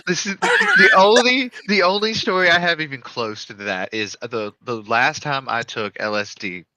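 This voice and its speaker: A man's voice: medium pitch, lively intonation, normal speed, sharp tone, poor audio. A man telling a loose, swearing story in casual chat.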